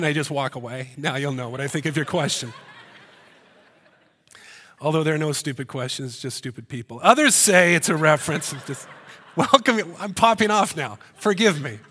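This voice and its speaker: A man preaching with a slightly high, lively voice that climbs and gets louder whenever he drives a point home. He slips in jokey asides between verses. A long reverb trails off each phrase, the sound of a big hall. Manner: animated, jokey asides, rises in pitch and volume for emphasis. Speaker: pastor. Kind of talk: sermon. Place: church hall.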